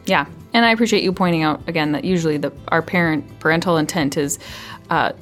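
A woman with a somewhat low voice explains child behavior as a parenting podcast guest. She speaks conversationally and often eases into a quiet, soothing register. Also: quick pace, faint music behind. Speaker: early childhood mental health specialist. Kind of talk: podcast interview, advice.

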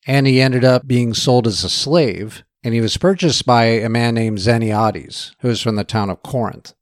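A man's voice: on the low side, no room sound, studio quality. A man giving a storytelling history lecture. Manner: relaxed storyteller.

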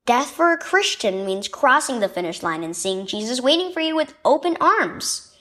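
A woman reading a children's devotional story aloud in an expressive storytelling manner. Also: on the high side, normal speed. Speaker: devotional reader. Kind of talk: scripted narration of a children's devotional.

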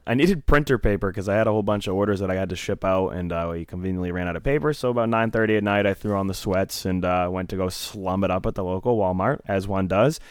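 Low, smooth, dry-mic male co-host, profane rambling storyteller. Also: fast talker, hardly any pauses, no echo. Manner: profane, rambling, laughing anecdote-telling. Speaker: podcast co-host. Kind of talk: casual storytelling on a podcast.

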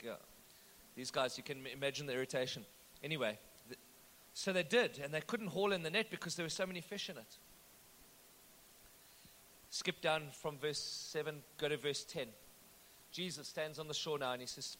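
A man's voice: a little high, moderate pace, pauses often, pushed and bright, a little hiss or hum. A man, preaching a sermon and retelling the text as a story with joking asides. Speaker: pastor. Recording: echoey hall.

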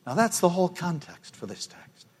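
An older man preaching a sermon, retelling a scene with quiet intensity and dropping to a hush at key moments. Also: high voice, very animated, moderate pace, slightly rough. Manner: storytelling, voicing the disciples with quiet intensity.

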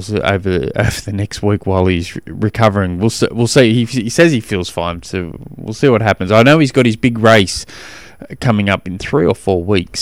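A man's voice: fairly low pitch, clear, resonant tone, no room sound. A man with an Australian accent hosts a podcast in casual chat. He rambles along with frequent restarts. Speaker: podcast host.

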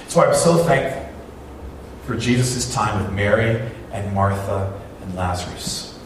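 A man's voice: fairly low pitch, measured pace, a little hiss or hum. A man preaching a sermon as pastor, talking with the congregation through rhetorical questions. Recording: echoey hall, voice from far off.

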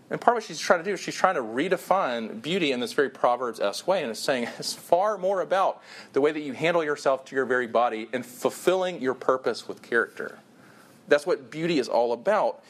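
A man's voice: medium pitch, lively intonation. A man preaching a sermon, talking to the congregation in a conversational, earnest way and stressing key phrases. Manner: conversational, earnest, emphatic with pauses.

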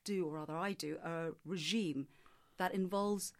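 A woman voice coach speaks in a measured, explanatory way, her voice sitting a little low for a woman. She answers questions at length and now and then demonstrates with her own voice. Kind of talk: interview answers.

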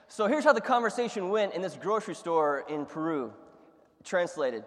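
A man preaching a sermon, telling funny stories in an animated way and laughing along. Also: a little high, moderate pace, in a large hall. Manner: animated storyteller, laughs at his own stories. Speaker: pastor.

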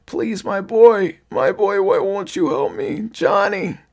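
Raspy pleading monster mimicking an old father. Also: takes it slowly, a little mellow, full character voice. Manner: high, strained, whining pleading.

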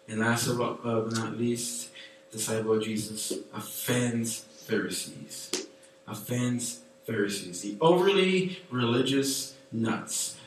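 A man preaching to a youth group in a chatty, animated way with many fillers. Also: fairly low pitch, a little hiss or hum. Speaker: youth pastor. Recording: echoey room from far off.

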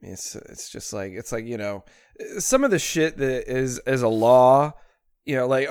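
A man's voice: mid-range voice, expressive, a little mellow, smooth, no room sound, studio quality. Ranting, foul-mouthed male podcast host. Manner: crude, ranting, quick to outrage. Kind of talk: casual profane podcast banter.

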